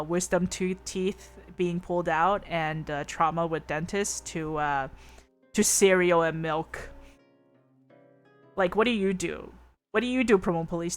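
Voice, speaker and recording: Slow-talking giggly girl streamer chatting w chat, lots of ums, faint music under. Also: on the low side. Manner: giggly, rambling, teasing, many fillers. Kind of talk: casual chat reading viewer messages.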